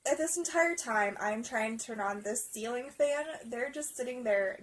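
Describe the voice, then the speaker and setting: A woman's voice: on the high side, normal speed, slight background noise, rough recording. A young adult woman telling a rambling storytime vlog story, swearing constantly and laughing as she goes. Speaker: vlogger. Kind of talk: casual storytime.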